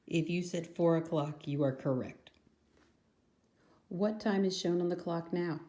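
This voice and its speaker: Low-voiced teacher in an echoey room. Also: female voice, a little slow, mellow. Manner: patient, sing-song questioning of pupils. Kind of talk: classroom lesson for young children. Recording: echoey room, mic far off.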